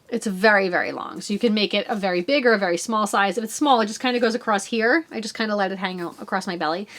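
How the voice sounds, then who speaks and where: Her voice a little high, pushed and bright, this knitting podcast host in her forties rambles through a chatty show-and-tell of her purchases, mocking herself along the way.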